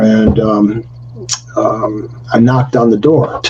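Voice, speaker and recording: Older man telling a lively story. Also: moderate pace, highs cut off, slight background noise. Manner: acts out quotes with jumps in pitch, laughs often. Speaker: retired pro wrestler, guest. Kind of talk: animated storytelling interview.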